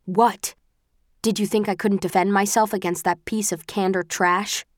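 In this audiobook character voice, a woman speaks at medium pitch and moderate pace, with fairly even intonation and a tone close to her everyday voice. She plays a fierce, defiant young woman, delivering heated, emphatic bursts. The recording is clean studio sound with no room noise.

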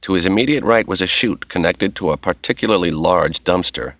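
A man giving a measured, scripted audiobook narration. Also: deep voice, fairly bright tone, no echo. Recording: slightly dull dry recording.

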